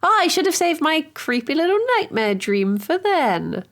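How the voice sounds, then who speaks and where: A woman co-hosting a casual podcast, chatty and quick to laugh. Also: sits high, sing-song, fairly bright tone. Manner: chatty, laughs easily, playful. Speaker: podcast co-host. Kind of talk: casual chat.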